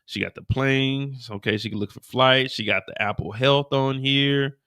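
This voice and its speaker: Male show host, casual profane recap, gravelly, bright. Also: mid-range voice, moderate pace, no echo, studio quality. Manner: profane, animated storytelling.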